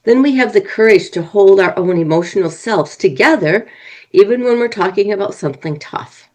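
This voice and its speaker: A woman's voice: mid-range voice, expressive, normal speed, a little mellow, poor audio. A woman speaking as a guest on an interview podcast, explaining in an earnest way and working through examples. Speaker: marriage and family coach.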